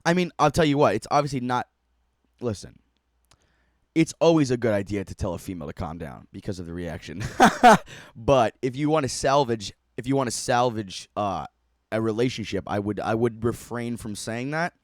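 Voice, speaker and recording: A man's voice: medium pitch, expressive, moderate pace, dry recording, studio quality. A man streaming a reaction to a video, giving profane, mocking running commentary and laughing often.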